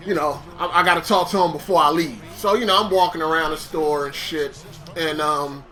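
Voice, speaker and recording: A young man with a high, bright voice tells a story to the camera. He is animated and swears freely, acting out each back-and-forth himself. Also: brisk. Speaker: vlogger telling a story. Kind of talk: casual storytelling.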